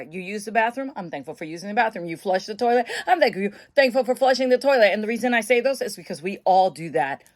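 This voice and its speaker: A middle-aged woman vlogging casually into her phone about mental wellness, bubbly and chatty. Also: fairly high pitch. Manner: bubbly, chatty, bursts into laughs and shrieks. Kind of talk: casual chat to camera. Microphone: phone camera.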